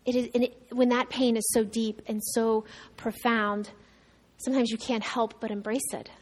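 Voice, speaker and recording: A woman pastor preaching a sermon in a conversational way, swinging between raised emphasis and soft, quiet moments. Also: a little high, level tone, normal speed. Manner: conversational preaching with restarts and asides.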